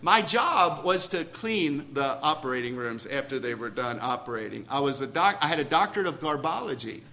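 A man's voice: medium pitch, expressive, normal speed, pushed and bright. A man preaching a sermon to a congregation in church, conversational, asking questions and joking about himself. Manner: self-deprecating humor.

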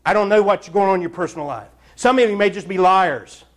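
A man's voice: sits high, quick pace. A man preaching a fiery, blunt sermon in church, scolding the congregation. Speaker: pastor.

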